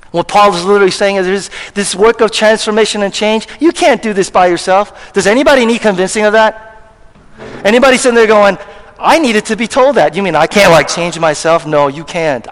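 A man preaching a sermon as pastor to his congregation, conversational and emphatic, often asking the room questions. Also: high voice. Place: church hall with congregation. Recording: long reverb of a church hall.

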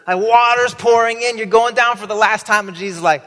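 A man preaching a sermon as pastor, animated, acting out the voices in the story with big jumps in pitch. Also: fairly quick, in a large hall.

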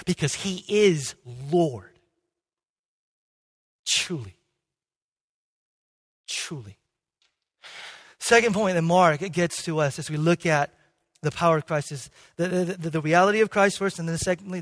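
High-voiced, emphatic male pastor preaching. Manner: emphatic, swinging from loud to hushed; frequent restarts and "okay?" checks. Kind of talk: sermon. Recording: long hall reverb.

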